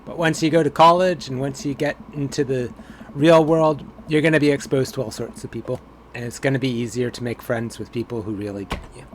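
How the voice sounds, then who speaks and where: A man reading out the lines of a kind, goofy father gently reassuring his daughter. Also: medium pitch, slight background noise, close to an everyday voice. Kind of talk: reading game dialogue aloud.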